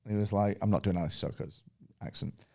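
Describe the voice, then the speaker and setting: A man's voice: lowish voice, fast talker, dark tone. A man hosting a podcast, telling stories in a rambling way with many fillers and easy laughter. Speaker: podcast host. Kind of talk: casual podcast chat.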